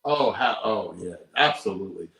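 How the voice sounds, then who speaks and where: A man's voice: on the low side, animated, normal speed, a bit bright. Emphatic older man in an echoey room. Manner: emphatic, repeats his points. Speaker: guest, poker player. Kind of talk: casual interview chat. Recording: roomy echo.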